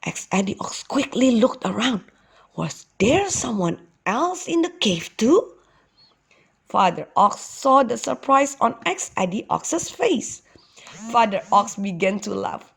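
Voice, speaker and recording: A woman teacher reading a storybook aloud to young children with a slow, sing-song delivery. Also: mid-range voice, sing-song, creaky, breathy edge.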